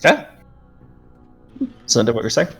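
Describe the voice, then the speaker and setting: A male game master narrates a tabletop session in a relaxed, descriptive way, often pausing on "um". His pitch sits mid-range, and faint music plays behind him. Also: creaky, husky.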